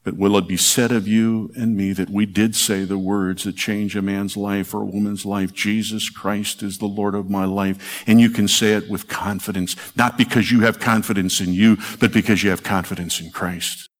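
A man preaching a radio sermon, swinging between soft, quiet lines and forceful emphasis. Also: on the low side, little pitch movement, normal speed, few pauses, long reverb tail. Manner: dramatic, rising to forceful emphasis then dropping soft.

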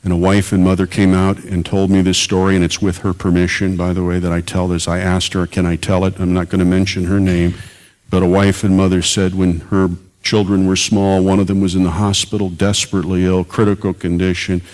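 A man's voice: low-pitched, monotone, fairly quick, a little mellow. A man preaching a sermon as pastor and radio preacher, earnest and building to emphatic peaks.

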